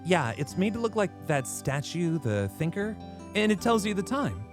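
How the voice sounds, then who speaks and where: A man voicing a calm, caring older sister asking a favor over the phone. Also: sits high, moderate pace, over music, pitched above the performer's own voice. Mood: gentle.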